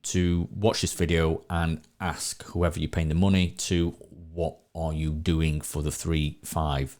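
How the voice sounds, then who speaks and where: Chatty deep-voiced man hosting a stream. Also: flat delivery, unhurried, a little mellow. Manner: chatty, repeats words, frequent restarts. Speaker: podcast host. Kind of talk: casual live-stream chat. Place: at home.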